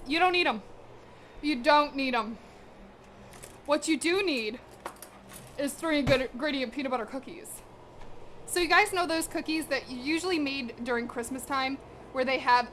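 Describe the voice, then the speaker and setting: A woman's voice: high-pitched, fairly bright tone, slight background noise. A young woman chatting casually with her live-stream viewers while she cooks, slangy, direct and a little out of breath. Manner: chatty, slangy, talks straight to her chat. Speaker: cooking streamer. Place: home kitchen.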